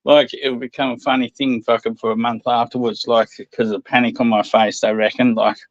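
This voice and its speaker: A man's voice: mid-range voice, level tone, a little fast, no room sound, lo-fi sound. A man in casual chat, a rambling storyteller who swears a lot and laughs often.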